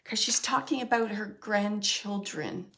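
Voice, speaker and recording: A woman hosting a live mediumship reading, gently relaying spirit messages and often pausing to thank the spirit. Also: mid-range voice, fairly even intonation, vocal fry. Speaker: psychic medium and show host.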